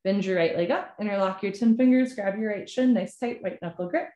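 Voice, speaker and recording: Calm woman yoga teacher, echoey room. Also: mid-range voice, a little fast. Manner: calm step-by-step cues with casual fillers. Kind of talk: guided yoga class instruction. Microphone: camera mic.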